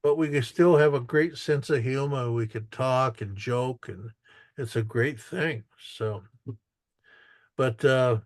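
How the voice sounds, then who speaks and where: A man's voice: mid-range voice, slow pace, no echo. An older man giving a casual artist talk, telling stories, repeating words and joking with the audience.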